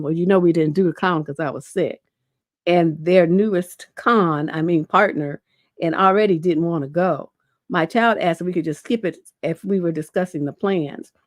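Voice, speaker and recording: A middle-aged woman with a fairly low voice reads out viewer letters and answers them with blunt, casual advice, full of "you know". She has a lingering cough. The sound is dry and close, with no room echo. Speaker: relationship coach. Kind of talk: livestream advice show, reading and answering questions.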